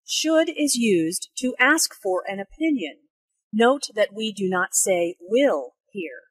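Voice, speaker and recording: Slow, careful woman teaching English. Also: mid-range voice, lively intonation, breathy edge, no room sound. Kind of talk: scripted lesson narration.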